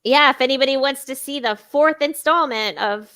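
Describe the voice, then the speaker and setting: A woman's voice: sits high, normal speed, bright, forceful tone. A woman co-hosting a casual livestream chat, giggly and rambling, often poking fun at herself. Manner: giggly, rambling, self-deprecating. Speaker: co-host.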